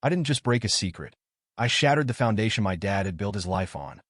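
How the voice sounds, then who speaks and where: A man narrating a first-person story in a dramatic, expressive way. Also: lowish voice, brisk, dry recording, clean studio sound.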